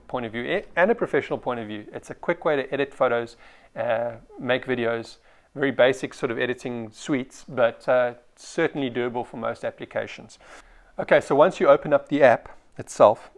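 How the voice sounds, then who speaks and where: In a mid-range voice, a photographer from South Africa gives a casual product review, frequently saying um and starting his sentences over.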